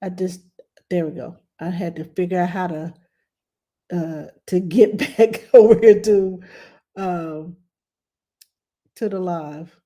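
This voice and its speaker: A woman's voice: fairly low pitch, fairly even intonation, slow, pauses often. A middle-aged woman, a nanny giving chatty parenting advice and answering viewer questions on a live stream. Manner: chatty, loose, reads viewer questions aloud and greets viewers brightly.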